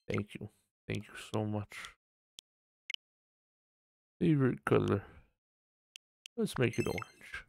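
A man's voice: fairly low pitch, lively intonation, slow pace, vocal fry, long pauses, darkish tone, a little hiss or hum. A man streaming a video game live, chatting and thinking aloud as he plays. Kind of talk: casual live-stream commentary.

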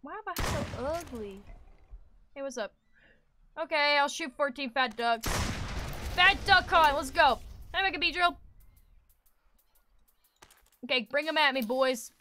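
A woman streaming a game live, talking to chat in an excitable, swear-filled way and shrieking when scared, with game music behind her. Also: high-pitched, normal speed, noisy background. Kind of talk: live gaming stream commentary.

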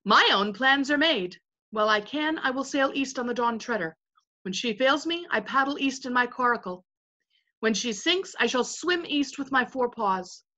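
A woman reading as a gallant talking mouse knight, formal and proud, a bit bright and lo-fi. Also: a little high, animated, normal speed, voice pushed up. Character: small brave male talking mouse knight.

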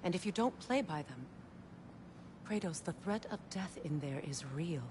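An actress playing a serious woman ally in a video game, speaking in a measured, cautioning way. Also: lowish voice, lively intonation, lightly acted. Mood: earnest. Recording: noisy game audio.

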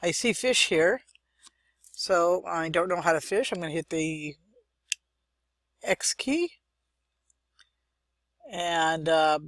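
A woman's voice: lowish voice, a little slow, dry recording. A young woman hosting a let's-play, chatting and thinking aloud as she plays, with muttered asides. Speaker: gaming channel host. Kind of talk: let's-play game commentary.

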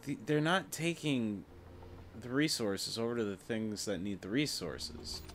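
A man's voice: fairly low pitch, unhurried, a bit bright, a little hiss or hum. A young man casually commenting on his gameplay, muttering, swearing in frustration, his voice cracking. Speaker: gameplay streamer.

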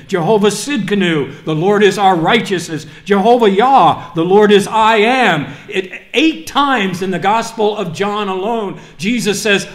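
A male pastor preaching a sermon in a church, moving from quiet asides to fervent, rising preaching. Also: high-pitched. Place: church sanctuary. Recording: roomy church reverb.

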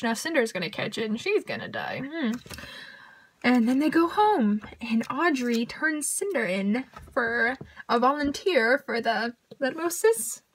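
A young woman reviewing books in a casual vlog, bubbly and gushing, with quick asides and frequent giggles. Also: high-pitched, a bit bright, slightly rough. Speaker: book reviewer.

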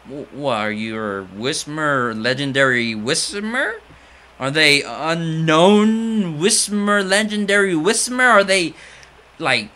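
Animated joking man narrating a game. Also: fairly high pitch, measured pace, slight background noise. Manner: rambling, jokey asides. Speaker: let's player. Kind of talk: casual video game commentary.

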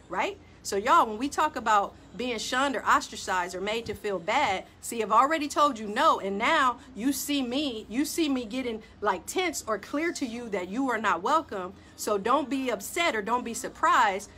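A woman hosting a talk show, telling a personal story in an animated, emphatic way and speaking straight to her listeners. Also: a little high, moderate pace, few pauses, slight background noise. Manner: animated, emphatic, addresses audience directly. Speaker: podcast host.

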